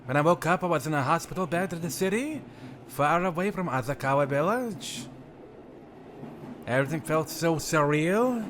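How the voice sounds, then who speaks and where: A man's voice: on the high side, slight background noise. A man voicing a frightened young woman trapped underground in a horror game, reading her lines aloud with panicked pleading. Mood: subdued. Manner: panicked pleading and yelling for help.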